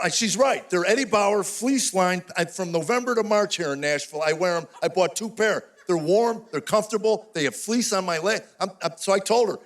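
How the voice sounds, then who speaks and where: Older man, stand-up comic, high voice, rapid-fire storytelling, exasperated punchlines, live stage. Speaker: stand-up comedian. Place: stage before a live audience.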